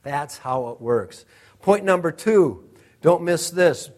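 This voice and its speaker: Brief: male pastor, high voice, punchy repeated lines in a sermon. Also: expressive, slow, darkish tone. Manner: emphatic, repeats phrases for effect.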